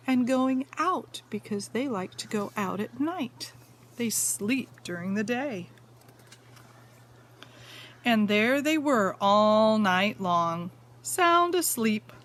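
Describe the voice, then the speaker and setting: A woman's voice: mid-range voice, a bit bright. A woman teacher reading a picture book aloud to young students, stopping to point at pictures and ask the children questions. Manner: slow, sing-song, asks the children questions.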